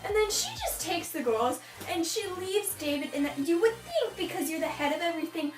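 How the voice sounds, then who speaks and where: Teen girl vlogger, high voice, exasperated rant about a book, recorded far off in an echoey room with faint music under. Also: animated, fairly quick. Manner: exasperated, ranting, mocking voices. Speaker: book reviewer. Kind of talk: casual book review.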